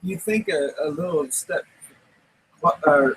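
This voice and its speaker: A man co-hosting a casual chat, speaking hesitantly and in halting bits. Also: on the high side, a bit bright, breathy edge, low-quality recording.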